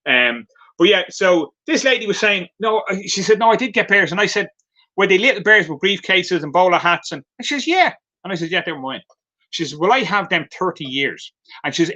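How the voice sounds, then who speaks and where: An Irish man in his fifties rambles happily about his work in a casual live-stream chat, with a fairly high, bright, forceful voice. The audio is dull and lo-fi, like a live stream. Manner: rambling and chatty, laughs often. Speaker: craftsman selling his work.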